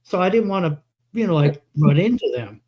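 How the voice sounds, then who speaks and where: A man's voice: on the high side, big pitch swings, fairly quick, breathy edge, highs cut off. A man telling long rambling anecdotes in a casual live chat, quoting himself as he goes. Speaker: co-host.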